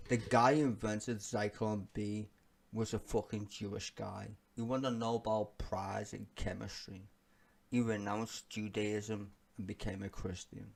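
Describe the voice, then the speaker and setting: A man's voice: fairly low pitch, creaky, darkish tone. A man giving ranting political reaction commentary, profane, heated and emphatic, often laughing as he talks. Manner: laughs often while talking.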